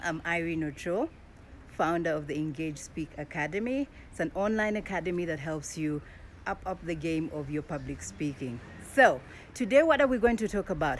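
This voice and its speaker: Expressive low-voiced woman coach. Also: slight background noise. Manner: expressive, swings between bright emphatic peaks and low drops. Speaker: public speaking coach. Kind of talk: live-streamed speaking lesson.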